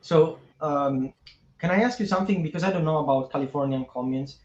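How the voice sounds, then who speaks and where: A man's voice: a little high, fairly quick, a little mellow, a little hiss or hum. Italian man on a roomy, muffled call. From Italy. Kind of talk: casual podcast discussion. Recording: echoey, dull remote call audio.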